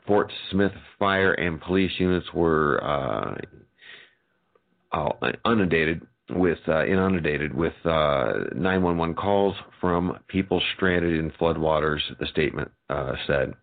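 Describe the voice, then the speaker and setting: A man with an extremely deep voice reads a news report aloud, pausing on fillers and restarting his phrases. His voice comes through thin and boxy, as if heard down a phone line. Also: creaky. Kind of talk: reading a news story aloud. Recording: tinny phone-like audio.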